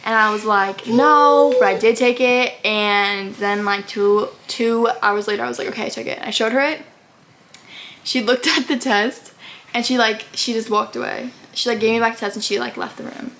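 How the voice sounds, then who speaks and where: A woman's voice: on the high side, steady tone, moderate pace, fairly bright tone. A young adult woman telling a personal story in a casual vlog, rambling with lots of "like" and acting out what people said. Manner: rambling, many "like" fillers, acts out quotes. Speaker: vlogger telling her story.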